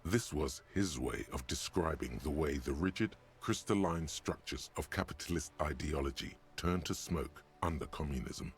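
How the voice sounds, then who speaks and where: A man voicing a wry, deadpan narrator in a detective video game, with a dry, sardonic delivery. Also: a bass voice, normal speed, hardly any pauses, faint music behind.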